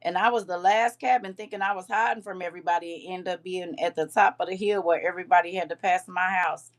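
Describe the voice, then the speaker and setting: A woman chats to her live-stream viewers in a slightly low, expressive voice. She calls them girl and honey, and she has been crying. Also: fast. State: puffy-eyed from crying. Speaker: livestream host. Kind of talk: casual chat to a live audience.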